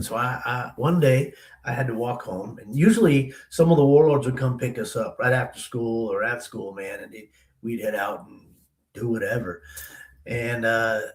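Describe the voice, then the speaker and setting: A man's voice: medium pitch, echoey room, poor audio. A man from the Denver area telling a long story as an interview guest, in a loose, slangy way with lots of "man" and "you know". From Denver area, USA.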